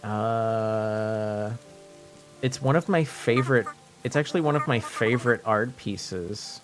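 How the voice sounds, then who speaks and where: Male streamer from French Canada, unhurried delivery, playful, rambling chat that loops back on itself. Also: on the low side, music in the background. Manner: rambling, joking, repeats himself. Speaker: live streamer.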